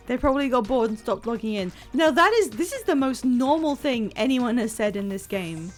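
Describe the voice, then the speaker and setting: A woman's voice: on the high side, lively intonation, a little fast. Wry chatty woman streamer. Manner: wry, chatty, reads dialogue aloud. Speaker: game streamer. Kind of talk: casual live playthrough commentary. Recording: game music playing faintly.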